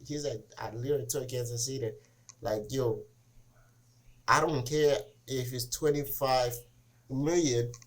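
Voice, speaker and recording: A man hosting a casual sports podcast who tells stories with lots of "he's like" and acts out the quotes. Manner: animated storyteller, acts out quotes with rising pitch. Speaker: podcast host.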